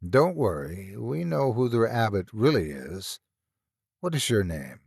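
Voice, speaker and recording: A man voicing a professor in a calm, gentle manner in a storybook reading. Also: lowish voice, a little slow, creaky, breathy edge, no room sound, clean studio sound, exaggerated voice.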